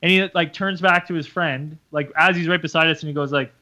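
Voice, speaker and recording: A man's voice: fairly high pitch, brisk, few pauses, no room sound, muffled recording. A man co-hosting a podcast, telling a story casually, swearing freely and acting out what people said. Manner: swearing, animated retelling with acted quotes. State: hungover. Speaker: podcast co-host. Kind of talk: casual storytelling among friends.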